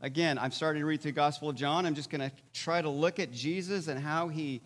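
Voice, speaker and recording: A man's voice: fairly high pitch, brisk. Man, pastor, conversational sermon, keeps asking "all right?", echoing church hall. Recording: long hall reverb.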